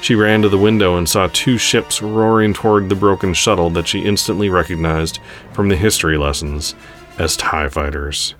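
A man narrates a space adventure story at an even, unhurried pace. His voice sits very low in pitch. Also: over loud music.

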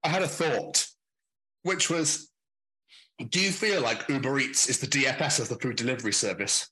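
A man's voice: medium pitch, animated, normal speed, sharp tone, rough recording. A young British man co-hosting a podcast, chatting loosely, laughing often and swearing freely. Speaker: podcast co-host. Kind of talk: casual chat.

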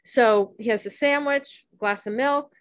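A woman's voice: on the high side, a little slow, dry recording. A woman hosting a recovery podcast, explaining a text in an earnest, conversational way with wry sarcastic asides. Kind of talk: teaching talk on a recovery text.

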